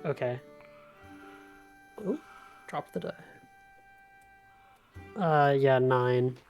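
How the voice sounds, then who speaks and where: A woman's voice: very deep voice, drawn-out words, muffled recording, faint music behind. A woman playing a tabletop game, speaking hesitantly with stammers. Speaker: player. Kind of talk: casual play at a tabletop game.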